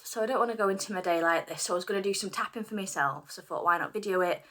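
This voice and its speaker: A middle-aged woman leading a guided tapping session, speaking slow repeat-after-me phrases and dropping some of them to a whisper. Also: lowish voice, a bit bright. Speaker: tapping practitioner.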